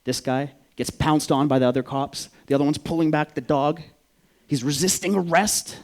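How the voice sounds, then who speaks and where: Man, storyteller, lively and profane, acting out voices. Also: a little high, moderate pace. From Vancouver, Canada. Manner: animated, profane, acts out the voices. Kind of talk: stage storytelling.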